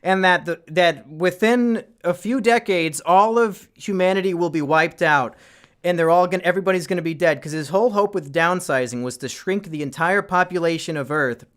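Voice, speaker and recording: A man's voice: sits high, moderate pace. A young man in casual chat, rambling through a film plot and swearing often. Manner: rambling, swears often, trails off into quiet asides. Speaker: podcast co-host reviewing films.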